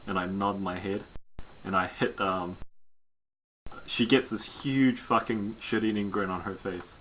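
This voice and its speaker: A man's voice: on the low side, unhurried, fairly bright tone, a little hiss or hum, poor audio. A man playing a tabletop game, casually and animatedly describing his character's actions. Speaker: player.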